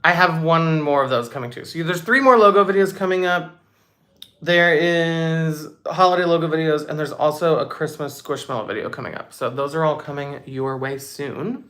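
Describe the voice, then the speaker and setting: Bubbly young woman hosting a live Q&A. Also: sits low. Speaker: livestream host. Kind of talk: casual live Q&A, reading chat comments.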